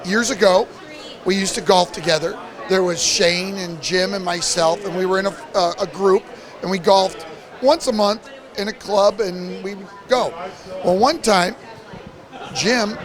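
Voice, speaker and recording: A man telling a prank story in a lively way and acting out the lines of the people in it. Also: high voice. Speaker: party guest telling a story. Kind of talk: animated storytelling.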